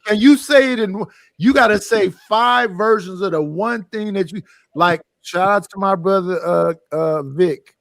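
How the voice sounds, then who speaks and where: A man's voice: high-pitched, a little slow, fairly bright tone, no echo. A man hosting a casual online panel, joking and cutting in with slangy banter. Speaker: stream panel host.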